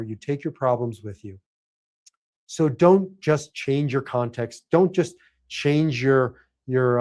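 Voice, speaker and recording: A man's voice: medium pitch, a little mellow. A middle-aged man giving a motivational talk as a coach for men, earnest and preacherly, leaning on emphatic repetition. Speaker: host and life coach for men.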